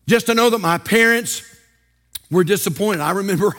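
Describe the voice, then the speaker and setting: High-voiced preacher in a hall. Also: male voice, moderate pace, fairly bright tone. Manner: folksy, asks rhetorical questions and tells stories. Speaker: pastor. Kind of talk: sermon.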